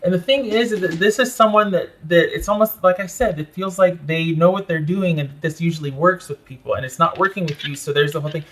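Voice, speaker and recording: A man's voice: sits high, quick pace, hardly any pauses, a bit bright, a little hiss or hum. A man giving a tarot reading to his viewers, talking emphatically and repeating phrases in an indignant, protective tone. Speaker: tarot reader.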